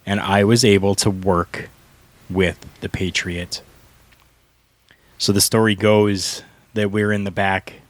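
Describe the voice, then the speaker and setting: A middle-aged former wrestler co-hosting a podcast, speaking slowly and earnestly. His voice sits fairly low, and the sound is dry and close. He takes his time over every phrase. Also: no room sound. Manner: slow, deliberate, earnest. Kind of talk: storytelling podcast talk.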